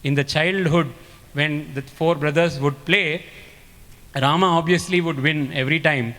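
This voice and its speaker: A man's voice: a little high, steady tone, unhurried, pushed and bright. A man giving an earnest spiritual discourse, telling stories and repeating key phrases for emphasis, in a large ashram hall. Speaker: speaker at a spiritual gathering. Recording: long hall reverb.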